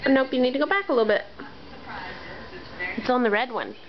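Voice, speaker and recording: A woman's voice: high voice, animated, fairly quick, lo-fi sound. A woman as a mother using sing-song baby talk, coaxing and praising a toddler.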